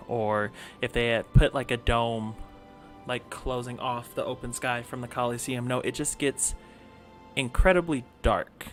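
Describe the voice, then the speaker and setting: A man narrating a tabletop role-playing game as game master in a relaxed, casual way, full of fillers like "like" and "kinda.". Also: mid-range voice.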